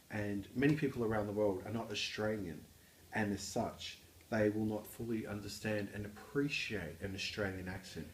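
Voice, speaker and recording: A man giving a mock-formal, pompous and deadpan introduction as a guest reader. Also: lowish voice, roomy sound.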